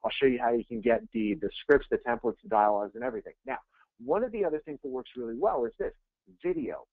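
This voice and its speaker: A man coaching real estate agents in a webinar, energetic and conversational, blunt and quick to go off on tangents. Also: medium pitch, no echo. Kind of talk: webinar presentation. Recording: tinny, dry phone-like webinar audio.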